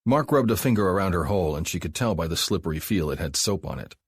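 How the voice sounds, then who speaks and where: A man narrating an audiobook in a calm, even storytelling manner. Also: deep voice, quick pace, breathy edge, no room sound, clean studio sound. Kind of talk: scripted narration.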